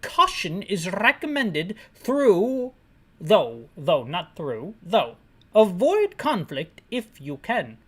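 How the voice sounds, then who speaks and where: A woman voicing a pompous male radio commander in a deliberately bad British put-on, reading out instructions slowly and over-pronouncing every word. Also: deep voice, wildly swooping pitch, a little mellow, breathy edge, exaggerated voice. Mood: stuffy.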